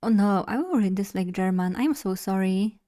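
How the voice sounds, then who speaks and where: A woman's voice: medium pitch, warm tone. A young woman, chatting casually and rambling a little as a streamer, laughing at herself often. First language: Polish. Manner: rambling, chatty, self-deprecating, quick to laugh. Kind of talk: casual live-stream chat.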